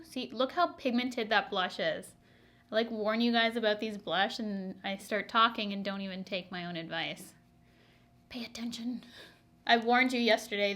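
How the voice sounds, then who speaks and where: A woman's voice: on the high side, a bit bright. Chatty young woman vlogger. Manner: chatty, laughs often, asides to viewers. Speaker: beauty vlogger. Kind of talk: chatty makeup tutorial.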